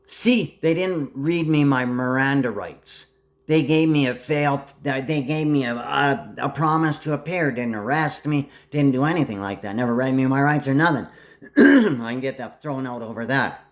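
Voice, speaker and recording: Brief: man, mid-pitched, rambling monologue, agitated and threatening, hops from topic to topic. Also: moderate pace.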